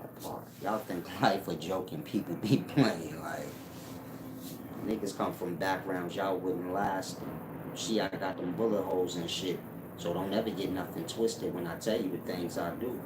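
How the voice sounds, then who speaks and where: A man's voice: sits low, steady tone, measured pace, heavy background noise. A man giving a blunt, profane monologue with street slang, lecturing his viewers in a streetwise way. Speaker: self-help channel host. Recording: echoey room with music behind. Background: music.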